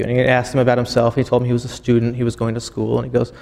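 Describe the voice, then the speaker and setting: A man preaching a sermon. He tells a long story, halting and often repeating words as he goes. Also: medium pitch, completely flat delivery, gravelly, mellow. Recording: long hall reverb.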